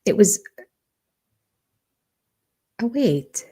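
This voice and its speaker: An older woman hosting a casual live stream from home. She chats and thinks aloud as she reads viewer comments, and often drops into soft half-whispered asides. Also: mid-range voice, sing-song, very slow, husky. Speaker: reality TV livestream host.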